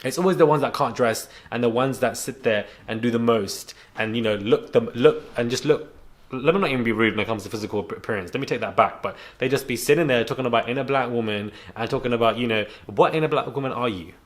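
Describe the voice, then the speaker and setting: A young YouTube commentator, at home on a rainy day, delivers a quick, medium-pitched rant to the camera. Frank and indignant, he keeps restarting as he rambles and refers to his own stutter.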